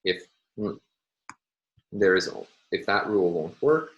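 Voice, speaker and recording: A man with a deep voice and lively intonation gives a recorded university phonology lecture, explaining things step by step with frequent "uh" and "um" pauses. The recording has its highs cut off.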